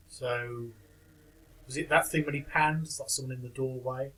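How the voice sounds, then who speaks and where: A man talking through clips in a loose, casual commentary style, dry and wry and openly skeptical. His voice sits at an ordinary middle pitch, and he chuckles now and then as he picks things apart. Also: little pitch movement, a little slow, pauses often, fairly bright tone, low-quality recording.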